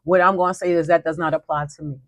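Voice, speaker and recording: A woman's voice: low voice, steady tone, fast talker, no echo. A woman hosting a weekly motivational talk, speaking emphatically and repeating her declarations in a folksy, spirited way. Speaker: host.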